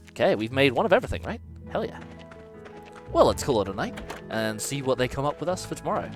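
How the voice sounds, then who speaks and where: A man's voice: medium pitch, very animated, fast, faint music behind. A man streamer giving casual gameplay commentary, playful and swearing freely as he muses aloud.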